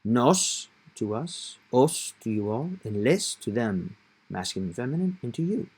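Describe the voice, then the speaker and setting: A male Spanish teacher with a mid-pitched voice walks through a grammar point. He explains patiently and step by step, stressing key words for emphasis. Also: sing-song, a little slow, darkish tone, husky.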